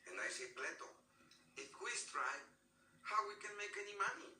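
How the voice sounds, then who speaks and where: A talkative Mexican inmate rambles on in broken English with a bright, animated voice. It is heard as film sound from a TV, distant in a roomy space with faint music under it. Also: male voice, high-pitched, moderate pace, a little hiss or hum, exaggerated voice. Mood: rambling. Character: talkative adult male Mexican prison inmate.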